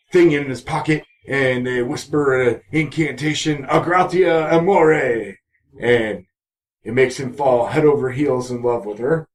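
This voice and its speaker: A man recapping a TV episode in a casual vlog, rambling and cracking self-mocking jokes. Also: mid-range voice. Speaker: TV episode reviewer.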